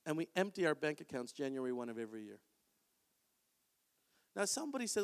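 A man preaching a sermon in a church, in an animated, conversational way. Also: a little high, a little fast, vocal fry. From Canada. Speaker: pastor. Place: church sanctuary. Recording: long hall reverb.

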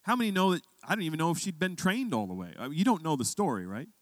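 Pastor, male, chatty storyteller in the pulpit, slightly raised pitch, dry sound. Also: big pitch swings, very fast, no room sound. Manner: conversational storytelling, rising to emphatic questions. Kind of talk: sermon with a personal story.

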